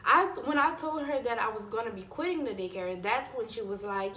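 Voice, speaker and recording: A young woman vlogging to camera, chatting in a stressed but animated storytelling way and addressing viewers directly. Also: on the high side, a little fast, reverberant. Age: young adult. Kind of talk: casual chat to camera.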